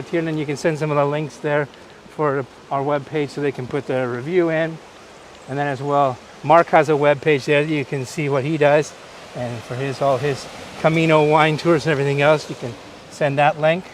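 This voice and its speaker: A man raised in Canada hosts a live-streamed coastal walking tour, chatting easily and pointing out sights to viewers. His voice sits a little high. Faint outdoor noise runs behind him. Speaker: host.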